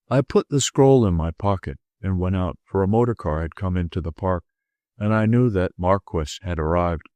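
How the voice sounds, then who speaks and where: A man with a lowish voice narrates a classic detective story in the first person, steady and measured. The sound is dry and close to the mic with no room echo. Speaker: audiobook narrator.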